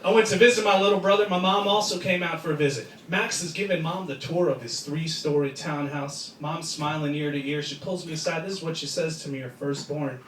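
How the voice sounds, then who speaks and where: A man's voice: a little high, brisk, few pauses, far from the mic, slight background noise. A man doing a brash, crude stand-up comedy set in a comedy club before a live crowd. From United States. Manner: brash, crude, mocking punchlines with voiced asides. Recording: roomy club sound, loud crowd laughter.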